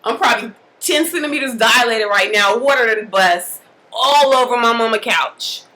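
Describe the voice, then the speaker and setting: A woman casually telling a personal story to the camera in a lively, colloquial way, acting out the scenes as she goes. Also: a little high, normal speed, low-quality recording. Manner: animated, colloquial, acts out the scenes. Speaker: mother telling a birth story.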